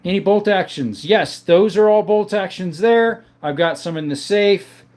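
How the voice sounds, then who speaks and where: Guy w a kinda high voice doing a chill livestream, reading chat n calling folks brother. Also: measured pace. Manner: relaxed, reads chat names aloud and chats back; calls viewers brother. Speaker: livestream host answering viewer chat. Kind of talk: casual live chat. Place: home, in front of a counter.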